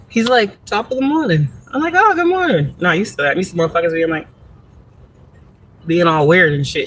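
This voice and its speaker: A woman vlogging from a parked car in a casual, rambling monologue, profane and animated, laughing often as she tells stories. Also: deep voice, slight background noise. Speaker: spiritual reader and vlogger.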